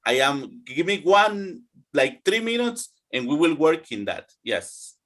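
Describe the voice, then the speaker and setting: A man's voice: a little high, sing-song, unhurried, a bit bright. A man teaching English numbers, patiently drilling students and checking in with them often. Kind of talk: online English pronunciation lesson.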